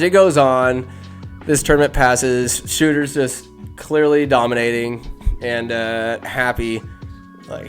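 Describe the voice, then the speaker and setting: A man hosting a podcast, casually retelling a movie in a rambling, offhand way full of asides. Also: mid-range voice. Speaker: podcast host.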